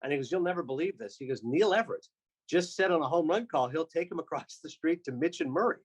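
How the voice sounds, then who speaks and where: A Canadian-born man who works as a sports broadcaster talks at a rapid clip. His slightly raised voice bounces through animated anecdotes in a relaxed podcast conversation. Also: on the high side, poor audio. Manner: fast, animated storyteller with quick asides. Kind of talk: casual podcast chat.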